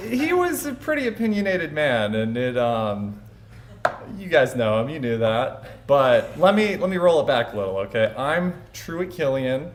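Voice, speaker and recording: A young man giving a eulogy as the grandson at a funeral home, casual, joking and quick. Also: medium pitch.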